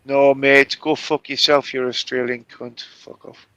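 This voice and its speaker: Bright-toned mocking, crude man. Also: mid-range voice, level tone, unhurried, clear, resonant tone, no echo, highs cut off. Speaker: participant in open discussion. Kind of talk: casual chat on a live voice call.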